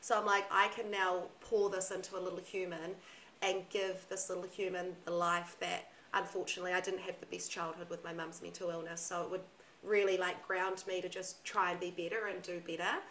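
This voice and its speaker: A young woman with a lowish voice talks frankly and emphatically, dropping swear words without a second thought. She chats casually on a podcast, with a faint hum of room ambience behind her. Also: little pitch movement, fairly quick, fairly bright tone, low-quality recording. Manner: candid, swears freely, emphatic. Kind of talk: casual chat.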